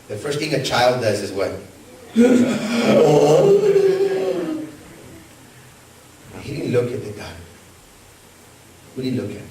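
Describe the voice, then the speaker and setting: A man preaching a sermon as pastor, telling stories and asking the congregation rhetorical questions, swinging between loud, high calls and soft, low asides. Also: a little fast, long pauses, very noisy. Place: church sanctuary. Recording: echoey church from a distant mic.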